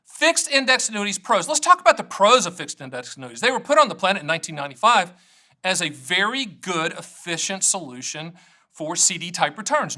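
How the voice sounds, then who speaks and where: A middle-aged man, an annuity agent, talking straight to camera in an energetic, joking way that wanders off on tangents. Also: a little high. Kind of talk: casual direct-to-camera talk.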